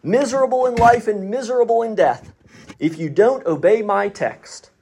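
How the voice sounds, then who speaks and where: A man's voice: sits high, normal speed, gravelly, voice pushed up. A man voicing a poor, uneducated country lay preacher with an Essex accent, preaching in a fervent, plain-spoken way. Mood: urgent. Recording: noisy recording.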